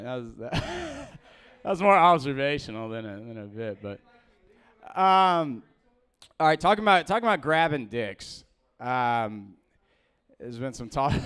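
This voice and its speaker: A young man doing a rambling, halting open-mic stand-up set, full of fillers and restarts, laughing at his own jokes. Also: a little high, fairly bright tone, smooth. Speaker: stand-up comedian.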